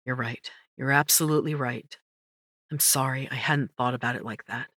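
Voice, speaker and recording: A woman reading the lines of a young man who speaks quietly and haltingly, apologetic and guarded. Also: very deep voice, fairly even intonation, breathy edge, dry recording, studio quality, pitched below the performer's own voice, exaggerated voice. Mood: contrite.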